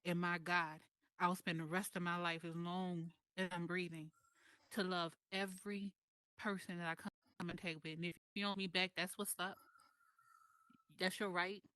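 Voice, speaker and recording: Heartfelt woman with a slightly low voice. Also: little pitch movement, pushed and bright, dry recording. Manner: heartfelt, slow and emphatic, pausing between phrases. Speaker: guest speaker. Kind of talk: emotional personal testimony in group voice chat. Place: online voice chat server.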